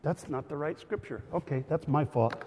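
Pastor, middle-aged man, energetic teaching sermon with bursts of emphasis; sits a bit high, long room reverb. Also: moderate pace, slight background noise. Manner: animated, shouts for emphasis, teaching aside.

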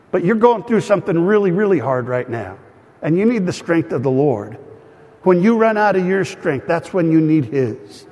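A man's voice: on the high side, a little mellow. A man in his fifties preaching a sermon in a church, telling homespun stories and leading the congregation in call-and-response. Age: 50s. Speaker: pastor. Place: church sanctuary. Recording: long reverb of a large hall.

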